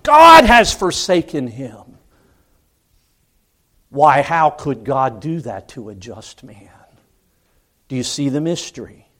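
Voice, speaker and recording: A man delivers a sermon at an unhurried pace, his voice sitting a bit higher than most men's. He swings from loud, dramatic cries down to quiet, solemn reflection. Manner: slow, dramatic preaching that swings from loud cries to hushed tones. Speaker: preacher.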